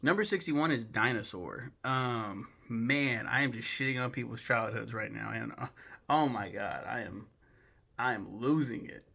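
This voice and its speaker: A man's voice: medium pitch, moderate pace, vocal fry, sharp tone. A young man hosting a film-ranking video, rambling casually with lots of swearing, fillers and restarts. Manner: loose, profane, rambling with many fillers and restarts. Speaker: video host ranking films. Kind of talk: casual commentary.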